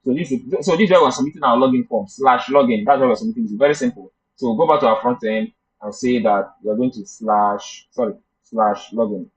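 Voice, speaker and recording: A man's voice: mid-range voice, brisk, few pauses, husky. A man teaching a live coding class, thinking aloud as he debugs and chatting with his students. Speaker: coding instructor. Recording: muffled lo-fi class recording.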